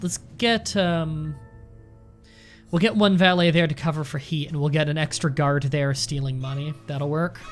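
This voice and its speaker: A man's voice: on the high side, fairly even intonation, moderate pace, soft background music. Chatty man narrating his gameplay. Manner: chatty, rambling, thinking aloud. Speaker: let's play host. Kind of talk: casual gameplay commentary.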